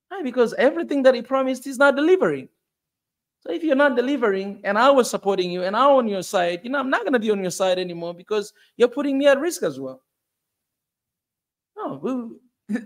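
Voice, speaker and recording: Tanzanian-accented man, high voice, impassioned car vlog on rough roads, sweaty, repetitive, fired up. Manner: emphatic, repetitive, rising to anger. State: sweating on a bumpy ride. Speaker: vlogger. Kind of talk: passionate commentary vlog. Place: moving car on a bumpy road.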